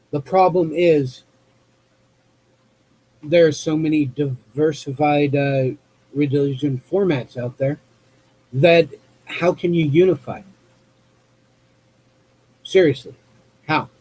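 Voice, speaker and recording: A man from the US West Coast hosting a live call-in show, talking off the cuff in a rambling, halting way as he searches for words. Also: a little high, mellow, breathy edge, poor audio. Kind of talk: unscripted monologue to chat viewers.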